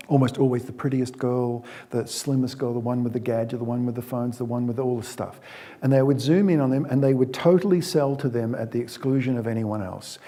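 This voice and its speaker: Speaking to an audience about parenting, a man tells stories conversationally, often restarting and acting out the scenes he describes. His voice is medium-pitched and mellow at a normal speed.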